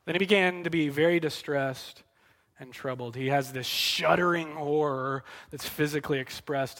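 Earnest bright-voiced male preacher. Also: a little high, normal speed. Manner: earnest and animated, acting out quotes then dropping to soft intimate tones. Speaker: pastor. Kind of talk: sermon.

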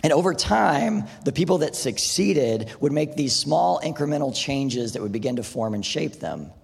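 A man's voice: fairly high pitch, very animated, moderate pace, creaky, husky. A man preaching a sermon in a casual, conversational way, often saying "like" and "right?". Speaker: pastor. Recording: long hall reverb.

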